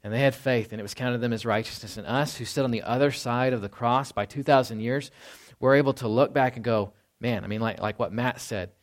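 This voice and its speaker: A man's voice: medium pitch, a little fast, hardly any pauses. A man giving a casual, conversational sermon as a pastor. He chuckles often and ends many points with "right?". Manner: drops to a hushed voice when quoting.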